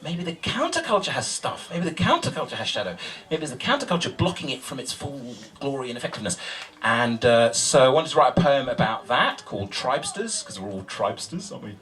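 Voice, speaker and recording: A man's voice: medium pitch, very animated, brisk, fairly bright tone, far from the mic. A man, a spoken word poet, chatting casually and self-mockingly to a live audience before his poem, with plenty of ums and uhs.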